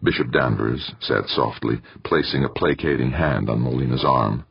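A man narrating an audiobook in a steady, expressive storytelling manner. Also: extremely low pitch, normal speed, gravelly, breathy edge, no room sound. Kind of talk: scripted narration. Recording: dull, dry audiobook recording.

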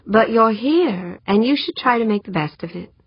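A woman's voice: fairly high pitch, expressive, normal speed, husky, dry recording, pitched above the performer's own voice. A woman reading a patient, upbeat official. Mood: encouraging. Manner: patient and encouraging. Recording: dry, dull lo-fi audiobook recording.

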